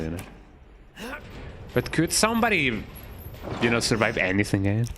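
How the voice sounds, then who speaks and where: A man's voice: medium pitch, big pitch swings, a little fast, long pauses, a bit bright, slight background noise. Rambling jokey male game streamer. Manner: rambling, jokey, tags lines with "eh". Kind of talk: casual gameplay chat.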